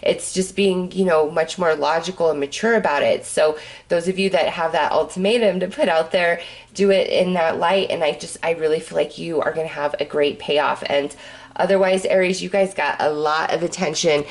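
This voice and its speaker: A woman's voice: deep voice, steady tone, moderate pace. A woman giving a casual tarot reading, chatty and rambling with plenty of fillers. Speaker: tarot reader.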